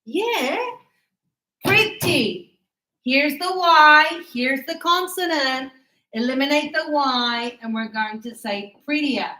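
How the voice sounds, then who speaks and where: A woman teaching English grammar to a class, stretching out words slowly and checking in with "yes?" and "right?". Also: high voice, expressive, bright, forceful tone, reverberant, poor audio. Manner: encouraging, checks understanding with tag questions; slow, drawn-out words for teaching.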